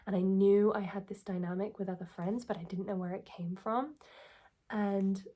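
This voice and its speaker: A woman's voice: medium pitch, steady tone, normal speed, mellow. A woman, telling a personal story and giving self-help advice in a candid, reflective, earnest way.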